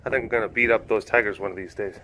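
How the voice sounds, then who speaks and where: Low, murmured voice of a cat in a vlog who grows braver and half-jokes about beating up tigers, as a man puts him on. The voice sits low and quiet, with a mock-tough air. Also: steady tone, rapid-fire, slight background noise, rough recording. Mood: boastful. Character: big cat, cautious growing confidence.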